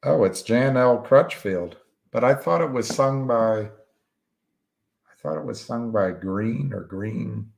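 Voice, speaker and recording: A man chatting casually as a stream host, halting often and searching for words with many fillers. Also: medium pitch, creaky, darkish tone. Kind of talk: casual rambling chat.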